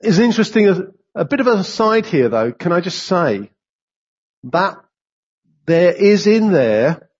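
A man preaching a sermon, animated and rising sharply in pitch whenever he voices complaints to God. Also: measured pace, husky, lo-fi sound.

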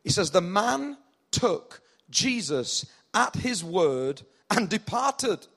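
A man with a northern English accent preaching a sermon, animated, acting out the people in the story with rising intensity. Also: high voice, slow pace, husky. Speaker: pastor.

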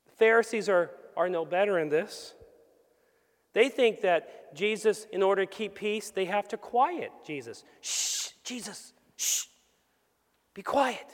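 High-voiced man preaching in a reverberant hall. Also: animated, moderate pace. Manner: earnest preaching, rhetorical questions, acts out quoted voices. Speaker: pastor. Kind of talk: sermon. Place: church sanctuary.

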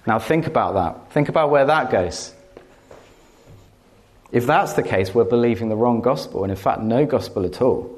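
A man's voice: mid-range voice, normal speed. Earnest male preacher, laughing easily. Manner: earnest, repeats words for stress, laughs easily. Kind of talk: teaching talk with personal story.

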